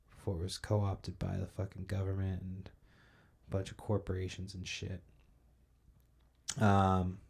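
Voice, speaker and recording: Low-voiced and dark in tone, this young podcast host rants through a rambling, casual monologue full of profanity and loose storytelling. He comes across as slightly drowsy.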